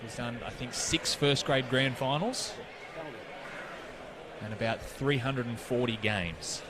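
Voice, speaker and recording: A young man with a mid-range voice co-commentates a local rugby league match from the commentary box at an outdoor ground, speaking slowly. He chats and jokes while breaking down the play, with crowd noise in the background.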